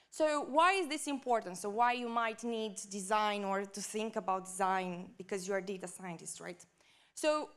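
A woman's voice: fairly high pitch, fairly bright tone. A woman giving a conference talk. She speaks with enthusiasm, often checks in with "right?", and her microphone cuts out at times. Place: conference stage.

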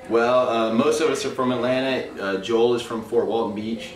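A man's voice: mid-range voice, steady tone, normal speed. A man who plays guitar and sings, talking casually in a band interview and filling his answers with "you know". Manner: laid-back, lots of "you know". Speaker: guitarist and vocalist. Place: music venue. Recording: echoey room from far off, with ambient noise.

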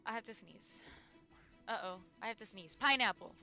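A young woman streaming gameplay, talking to her viewers in an excitable, giggly way with frequent gasps and exclamations. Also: medium pitch, normal speed, over loud music. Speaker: gaming streamer. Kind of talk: live gameplay commentary.

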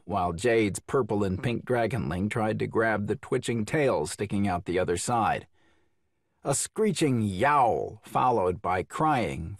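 A man narrating a children's storybook audiobook in an expressive way, with a husky voice. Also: mid-range voice, dry recording, studio quality. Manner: expressive, voices each character.

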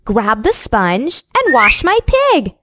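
A young woman giving slow, scripted, encouraging narration to young children in a game, like a preschool teacher, recorded close to the mic. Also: on the high side, wildly swooping pitch, a bit bright, no echo.

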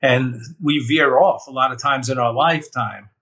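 A man's voice: medium pitch, steady tone, normal speed, fairly bright tone. Earnest man telling his story, slightly distant. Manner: earnest, heartfelt storytelling with frequent "you know". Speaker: near-death experience survivor. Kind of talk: personal testimony.

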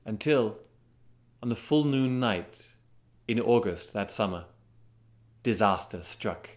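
Slow, dramatic male storyteller. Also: on the low side. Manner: unhurried and dramatic, with sudden swells of excitement. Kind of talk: storytelling narration.

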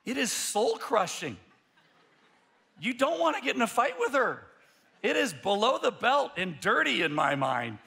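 A male pastor preaching a sermon, telling a story in an animated way, often restarting his sentences. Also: very high-pitched, unhurried, creaky.

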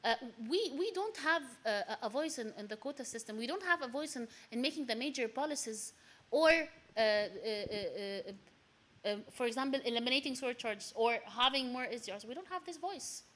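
A woman's voice: fairly high pitch, expressive, moderate pace, a bit bright. Hesitant woman speaking at a panel. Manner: hesitant, many fillers and restarts, grows emphatic. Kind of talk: panel discussion remarks. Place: seminar room.

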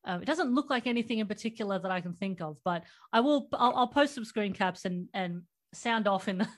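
A woman's voice: medium pitch, expressive, fairly quick. Chatty woman podcast host. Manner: chatty, laughs often while recapping. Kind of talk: casual movie chat.

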